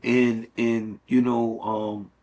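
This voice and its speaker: A man's voice: medium pitch, flat delivery, drawn-out words, darkish tone. A middle-aged man talking earnestly in a casual conversation, with many fillers and restarts. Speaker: guest.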